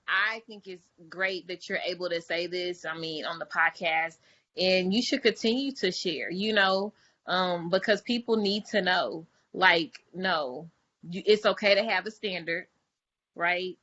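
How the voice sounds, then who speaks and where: A woman's voice: fairly low pitch, steady tone, slow pace, bright, forceful tone. A woman on a faith podcast, talking in an encouraging, affirming way with many fillers. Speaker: podcast co-host. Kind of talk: casual faith talk. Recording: muffled lo-fi audio.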